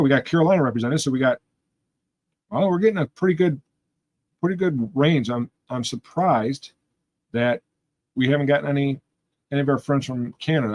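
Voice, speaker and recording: A rambling, chatty man from Western New York, hosting a live stream and talking straight to his viewers. His voice sits at an ordinary, mid-range pitch. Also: a little mellow. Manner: rambling, chatty, talks to chat. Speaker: livestream host. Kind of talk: casual chat with live viewers.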